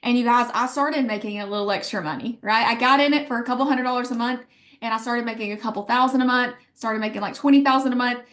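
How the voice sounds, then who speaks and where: A woman with an Alabama accent giving a motivational business pitch, telling her story with emphatic asides. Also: quick pace, a bit bright. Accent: Southern US, Alabama. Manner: emphatic storytelling, quoting herself and others. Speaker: guest speaker on a business call.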